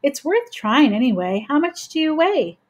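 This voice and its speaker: A woman voicing a small, brave female bird in a storybook read-aloud, lifting her voice higher and sounding practical and reassuring. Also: very animated, moderate pace, darkish tone.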